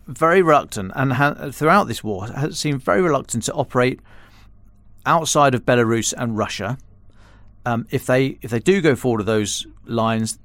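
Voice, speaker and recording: A man's voice: mid-range voice, no echo. A man, a defence and security editor, giving casual podcast analysis in an explanatory way, often stopping and restarting mid-phrase.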